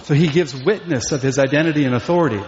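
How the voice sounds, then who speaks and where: A man delivers an emphatic sermon in a fairly high voice, often posing questions to his listeners. His words ring out through a large hall with a long echo. The recording is dull and slightly lo-fi. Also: quick pace, a little mellow, slight background noise. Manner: emphatic, asks rhetorical questions. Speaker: pastor. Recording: echoey hall, dull lo-fi sound.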